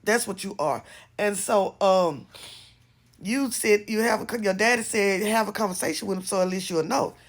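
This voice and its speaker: A woman's voice: mid-range voice, normal speed. A woman giving casual, blunt and opinionated commentary on a skit, rambling and restarting as she talks. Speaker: vlogger reacting to a skit.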